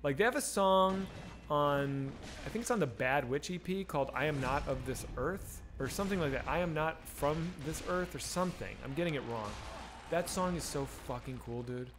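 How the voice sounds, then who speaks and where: This streamer has a fairly high, animated voice and talks at a moderate pace over a noisy background. He reads chat during a casual gaming live stream, swearing, rambling and speaking candidly.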